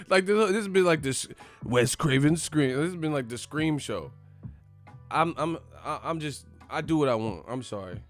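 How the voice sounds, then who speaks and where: A man hosting a boxing channel in casual, playful banter full of slang, often breaking into loud yelled movie catchphrases. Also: fairly high pitch, animated, moderate pace, faint music behind.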